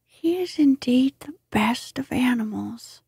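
A woman's voice: high-pitched, animated, measured pace, mellow, no room sound, clean studio sound, pitched above the performer's own voice, exaggerated voice. A woman whispering the part of a cheerful, good-natured male water rat in a storybook, as whispered role-play, eager and hearty in manner. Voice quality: breathy whisper.

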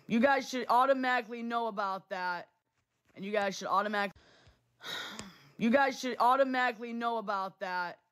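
A woman's voice: on the high side, normal speed, long pauses, a bit bright. A woman hosting a phone livestream, talking to her chat in a heated, blunt way, swearing and repeating herself. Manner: swears freely. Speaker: livestream host. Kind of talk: casual livestream talk to chat.

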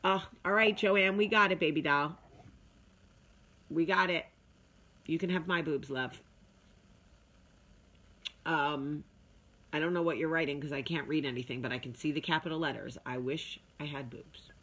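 A woman's voice: low voice, normal speed, long pauses, bright, forceful tone. A woman hosting a casual talk video, chatty and emphatic, talking straight to her viewers. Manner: chatty, emphatic, with sung asides. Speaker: vlog host.

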